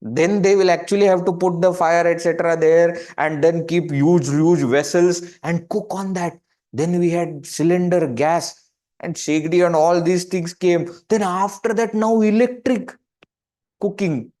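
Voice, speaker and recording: A man giving a lively spiritual talk in Indian English, his voice sitting high for a man. He talks conversationally, firing off rhetorical questions and playing out everyday examples as he goes. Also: a little slow. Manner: animated, acts out questions and quoted people. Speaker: spiritual teacher. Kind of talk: webinar talk on joyful living.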